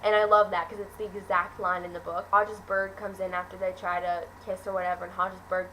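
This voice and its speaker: A woman's voice: fairly low pitch, little pitch movement, fairly quick, fairly bright tone, a little hiss or hum, rough recording. A teenage girl casually reviewing a film, gushing and rambling with lots of fillers and restarts. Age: teens.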